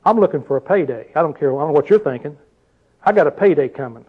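A man's voice: on the high side, expressive, fast, slightly rough. An older man preaching a sermon in a conversational way, often asking his listeners questions. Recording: dull lo-fi recording.

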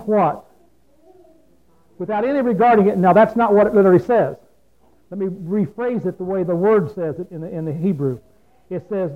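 A man's voice: high-pitched, normal speed, pauses often. A man preaching a folksy, plain-spoken sermon, often asking his listeners questions. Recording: phone-like lo-fi radio broadcast.

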